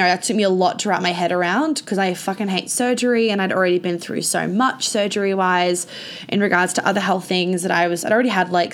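A young woman telling a personal story to her viewers in a casual, chatty way, full of "like" and frequent swearing. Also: lowish voice. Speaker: vlogger.

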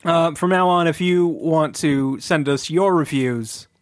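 A man co-hosting a podcast in casual chat, teasing and playful with quick asides. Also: fairly high pitch, dry recording, studio quality. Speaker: podcast co-host.

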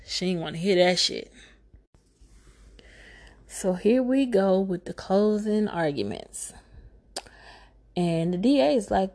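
A woman recapping a movie in a casual, comedic way, talking fast, swearing freely, and making sarcastic asides. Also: mid-range voice, expressive, darkish tone. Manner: profane, sarcastic, talks fast.

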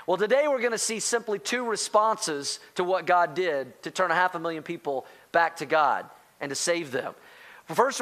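A man preaching a sermon as pastor, animated, talking straight to the congregation and calling out to them. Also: high-pitched. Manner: animated, rising to near-shouting excitement; addresses congregation directly as church.

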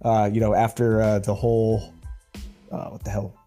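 A man's voice: fairly low pitch, moderate pace, soft background music. A man co-hosting a film podcast, chatting casually, laughing and asking questions. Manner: relaxed, laughing, asks questions. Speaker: podcast co-host. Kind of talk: casual chat.

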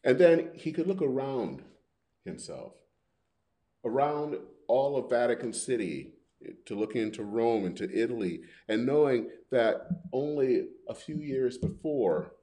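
A man preaching a sermon, opening with a retold Bible story in slow, measured storytelling. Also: mid-range voice, expressive, mellow. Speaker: pastor.

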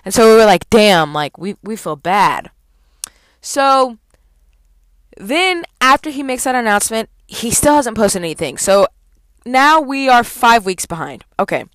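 A woman's voice: a little high, animated, moderate pace, a bit bright, dry recording. Young woman ranting, profane and exasperated. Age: young adult. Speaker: college student. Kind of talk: casual ranting vlog.

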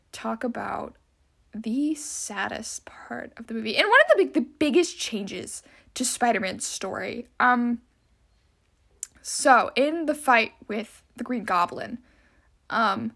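A young woman chats through a solo podcast in a rambling, easygoing way, her speech full of filler words. Her voice sits high and sounds bright and sharp, and she talks freely without a script. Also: creaky. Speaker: podcast host. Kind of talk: casual solo podcast chat.

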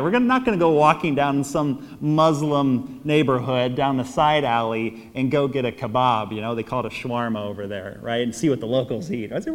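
A man with an American accent, a priest giving a homily, an animated storyteller who acts out quotes and laughs often. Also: medium pitch, brisk, few pauses, long reverb tail. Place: church.

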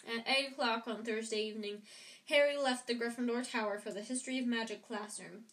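A woman's voice: a little high, brisk, a bit bright, roomy sound, rough recording. A woman reading a novel aloud at home, often tripping over words and going back to correct herself. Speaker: audiobook reader. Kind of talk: amateur read-aloud of a novel.

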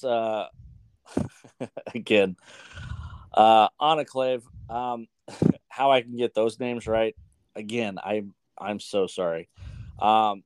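A man's voice: fairly low pitch, a little mellow, clear, resonant tone, no echo. Swearing, name-fumbling American guy. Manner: casual, swears often, stumbles over names. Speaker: sports podcast co-host. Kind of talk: casual sports chat.

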